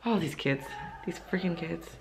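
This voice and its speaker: A woman's voice: lowish voice, normal speed, vocal fry, heavy background noise. A young woman, an ESL teacher, rambling casually to camera in a vlog, full of fillers and easily moved to tears. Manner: rambling, filler-heavy, emotional. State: teary, crying.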